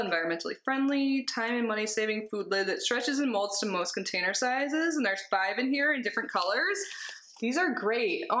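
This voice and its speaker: A young woman chatting casually as she unboxes a subscription box at home, bubbly and excitable with giggly asides. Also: fairly high pitch, echoey room, a little hiss or hum. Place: home, with cats.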